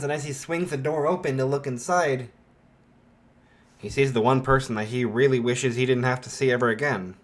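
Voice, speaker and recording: A man's voice: medium pitch, moderate pace. Rambling casual male storyteller. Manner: rambling, many filler likes. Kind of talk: casual fan story narration.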